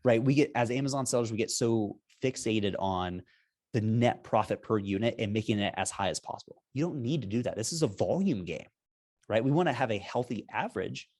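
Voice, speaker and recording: A man's voice: medium pitch, lively intonation, a little fast, a little mellow. A man being interviewed as a guest, explaining business strategy in an upbeat, persuasive way and chuckling often. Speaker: guest, repricing software founder.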